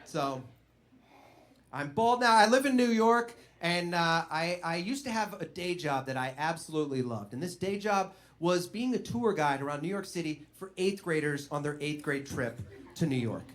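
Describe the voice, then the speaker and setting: A man in his twenties doing stand-up comedy, telling self-deprecating stories in an animated way. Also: a little high, moderate pace.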